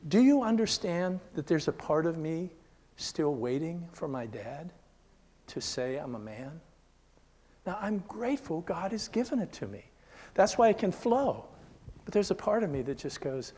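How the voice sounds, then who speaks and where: Older male preacher, fairly high voice, earnest seminar teaching, keeps checking in with the room. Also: expressive, normal speed. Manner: earnest, checks in with listeners often; drops to a hushed whisper when telling stories. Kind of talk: conversational sermon teaching.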